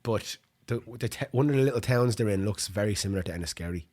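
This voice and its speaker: A man's voice: on the low side, quick pace, a little mellow. An Irish man co-hosting a podcast, chatting casually and laughing often. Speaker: podcast co-host. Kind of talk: casual chat.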